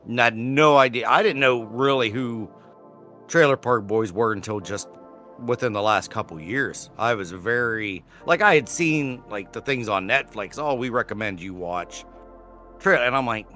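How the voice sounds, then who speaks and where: Bright-voiced man chatting casually. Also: fairly low pitch, normal speed, soft background music. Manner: rambling, self-correcting, swears casually. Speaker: podcast co-host. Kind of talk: casual chat.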